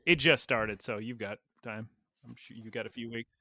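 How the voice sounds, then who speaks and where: A man hosting a casual podcast, telling stories in an animated way with frequent laughs. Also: medium pitch, moderate pace, dry recording. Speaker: podcast host.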